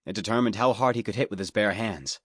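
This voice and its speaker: A man reads scripted fantasy audiobook narration in a fairly low voice, keeping an even, measured storytelling delivery. It was recorded on a studio microphone with clean studio sound and no echo.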